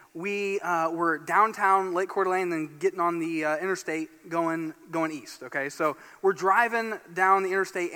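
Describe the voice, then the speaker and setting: A man from Northeast Indiana preaching a sermon as pastor, telling a story in an animated, excitable way. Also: a little high. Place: church sanctuary. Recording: long church hall reverb.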